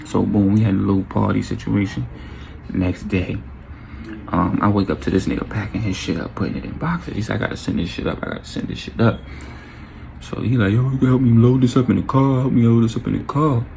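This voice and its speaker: Gravelly young man telling a wild story. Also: fairly low pitch, a little fast, slight background noise. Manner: animated, acts out quotes with sound effects. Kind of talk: casual storytime vlog.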